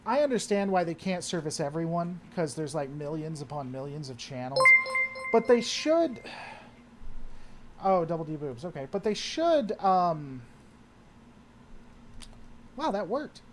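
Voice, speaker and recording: A man's voice: fairly high pitch, normal speed, noisy background. A man hosting a casual livestream, answering chat and often trailing off and restarting his sentences.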